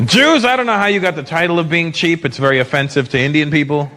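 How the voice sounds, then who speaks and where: A man performing a stand-up comedy set on stage, switching into shouted put-on voices for punchlines. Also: fairly high pitch, fast. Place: large comedy venue with a laughing audience. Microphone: handheld stage mic. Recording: live stage recording with crowd noise.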